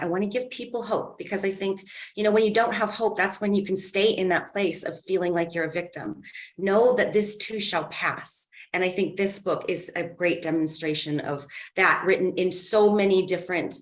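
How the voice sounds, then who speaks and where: A woman's voice: medium pitch, normal speed. Earnest, heartfelt woman guest. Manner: heartfelt, earnest, faith-driven. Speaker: guest author. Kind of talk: casual interview chat.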